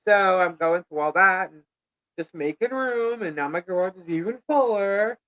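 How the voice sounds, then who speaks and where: Chatty, animated woman telling a story. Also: medium pitch, normal speed, no room sound, muffled recording. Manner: animated, chatty, acts out quoted dialogue. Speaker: podcast co-host. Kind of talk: live casual chat, storytelling.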